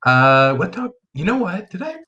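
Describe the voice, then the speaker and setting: A man's voice: sits high, big pitch swings, normal speed, bright, forceful tone, dull audio. Man, podcast guest, easygoing, laughs often, casual chat.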